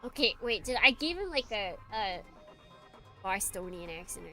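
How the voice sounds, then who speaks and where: A woman's voice: mid-range voice, normal speed, soft background music. A woman streamer giving casual let's play commentary in a joking, giggly way. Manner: giggly, joking, animated asides.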